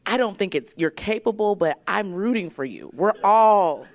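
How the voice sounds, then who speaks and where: A woman's voice: medium pitch, expressive, normal speed. A woman voicing God as a dry, knowing heavenly father who teases and cheers her on in a stand-up bit. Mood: teasing.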